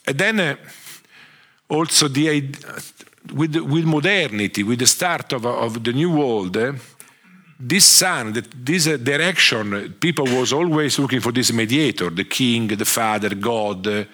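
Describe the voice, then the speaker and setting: A man with an Italian accent giving a conference lecture, speaking haltingly with frequent restarts and fillers. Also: medium pitch, lively intonation, bright, forceful tone. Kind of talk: conference talk.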